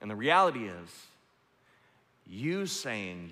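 A man preaching a sermon, moving between loud, impassioned peaks and quiet, hushed passages. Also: deep voice, sing-song, a little slow, long pauses. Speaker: pastor. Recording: long reverb of a large hall.

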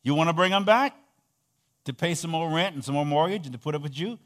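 A middle-aged man preaching a sermon, swinging between loud emphatic peaks and soft near-whispered passages, and having the congregation repeat phrases after him. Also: on the high side, expressive, fairly quick. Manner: leads call-and-response, has the audience repeat phrases. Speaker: pastor.

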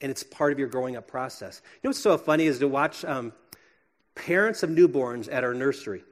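A man, likely a pastor, preaching a sermon with earnest emphasis that drops to hushed, gentle passages. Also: mid-range voice, a little fast.

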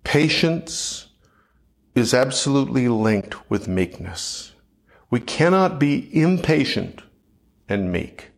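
A middle-aged man preaching a sermon in a measured, reflective way, often restarting his phrases. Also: medium pitch, very animated, vocal fry. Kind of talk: sermon teaching.

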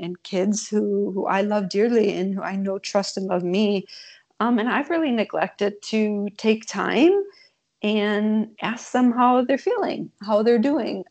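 A woman's voice: mid-range voice, a little mellow. A woman in casual podcast conversation, speaking candidly and hesitantly, with many ums and restarts.

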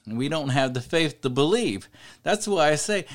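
A chatty, higher-voiced man teaching scripture. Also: a little slow. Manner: conversational, filler-heavy, builds to emphatic preaching. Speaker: Bible teacher. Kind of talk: informal Bible study talk.

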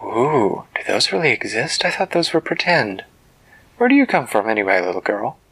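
A man voicing an odd, prim and scatterbrained female fairy in a bedtime story, with a slightly gravelly voice. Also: medium pitch, very animated, moderate pace, bright, forceful tone, exaggerated voice, rough recording.

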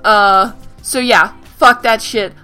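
A young woman co-hosting a podcast in casual chat, excitable, gushing and swearing freely. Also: fairly high pitch, slow, clear, resonant tone, soft background music. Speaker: podcast co-host.

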